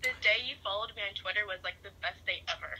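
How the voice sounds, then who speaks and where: A young woman on a phone call, giddy and gasping, saying how excited she is. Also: mid-range voice, quick pace, breathy edge. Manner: giddy, gasping, says "oh my God" a lot. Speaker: fan answering a call.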